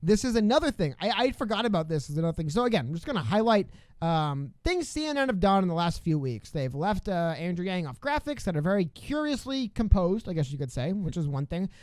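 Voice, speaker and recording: A man co-hosting a casual political podcast, talking quickly with sarcastic asides. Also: high-pitched, sing-song, a little mellow, no room sound. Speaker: podcast co-host.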